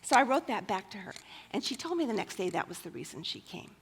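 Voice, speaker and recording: Woman speaker sharing stories at a church gathering, chatty and fill-word heavy, mid-pitched with vocal fry. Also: very animated, quick pace. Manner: chatty, with frequent fillers. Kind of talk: personal storytelling talk.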